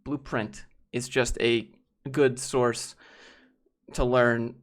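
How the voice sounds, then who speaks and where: A young man from Georgia hosting a casual livestream, reading chat and answering with quick, wry asides that trail off. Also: mid-range voice, level tone. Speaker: livestream host.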